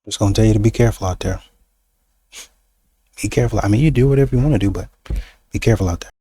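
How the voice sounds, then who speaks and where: Blunt slangy man with a dark husky voice. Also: on the low side, racing, no echo, studio quality. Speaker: reaction channel host. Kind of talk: casual commentary.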